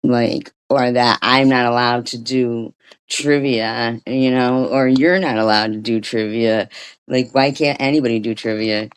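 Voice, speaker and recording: Slow-talking, profane woman streamer. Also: rumbling low, fairly even intonation, smooth. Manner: profane ranting with trailing restarts. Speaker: livestream host. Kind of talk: casual livestream commentary.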